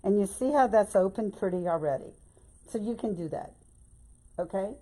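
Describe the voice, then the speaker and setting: A woman talks viewers through a craft step by step in a relaxed live-stream tutorial. Her manner is chatty and folksy, full of "y'all" and "babe". Her voice sits at a middle pitch. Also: normal speed. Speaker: bow-making instructor.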